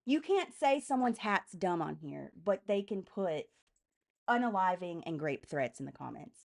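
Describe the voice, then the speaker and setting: A woman's voice: lowish voice, very animated, creaky. Furious swearing woman live streamer. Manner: heavy swearing, fast and heated. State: enraged, agitated. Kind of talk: angry political rant on a live stream.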